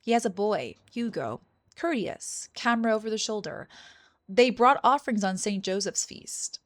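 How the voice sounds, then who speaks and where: A woman's voice: medium pitch, expressive, dry recording, close to an everyday voice. A formal village priest, as a woman reads him aloud. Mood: calm, formal. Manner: measured, courteous reading of game dialogue. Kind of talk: reading game dialogue aloud.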